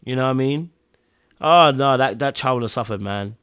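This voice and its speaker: A man talks casually through a TV episode recap. He is animated and keeps repeating lines for emphasis, in a mid-range voice. The sound is close and dry. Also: medium pitch, normal speed, smooth, dry recording. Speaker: TV recap podcast host.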